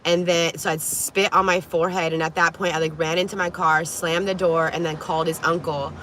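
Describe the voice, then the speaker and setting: Bright-voiced woman telling a wild story. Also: on the low side, brisk, a little hiss or hum. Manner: animated, laughing, profane retelling; frequent laughter and coughing. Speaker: vlogger. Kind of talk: casual storytelling to camera.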